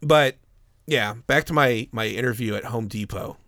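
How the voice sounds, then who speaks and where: A man's voice: medium pitch, moderate pace, sharp tone, no room sound, clean studio sound. A man casually telling a story to a friend, swearing often and laughing as he goes.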